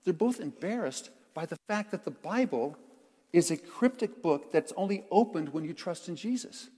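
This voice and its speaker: A man preaching a sermon to his congregation, playful and animated, who acts out quotes and makes sound effects. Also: high-pitched, moderate pace. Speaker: pastor. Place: church sanctuary. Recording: long church reverb.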